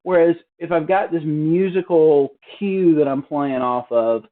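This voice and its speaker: A man giving a relaxed, casual drum lesson from a hotel room, explaining with fillers and restarts. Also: a little high, measured pace, phone-quality sound. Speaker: drum teacher. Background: drum practice pad.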